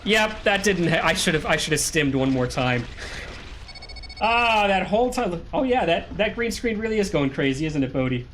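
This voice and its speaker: A man's voice: high voice, lively intonation, normal speed, fairly bright tone, slight background noise. A young American man streaming a game, chatting casually with viewers and rambling through stories while laughing at himself. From United States. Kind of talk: casual live-stream chat while gaming. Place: home streaming room with a green screen.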